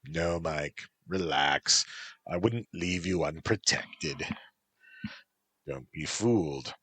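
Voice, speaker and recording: A man voicing a gruff, teasing male tengu bodyguard who speaks in a dry, mocking, unhurried way, in a storybook reading. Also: a bass voice, fairly bright tone, dry recording, heavily acted.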